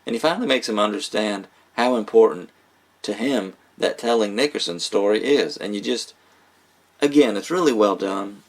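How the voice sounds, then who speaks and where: A man's voice: lowish voice, normal speed. A man giving a casual spoken movie review, rambling with fillers, restarts and small laughs. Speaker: film reviewer.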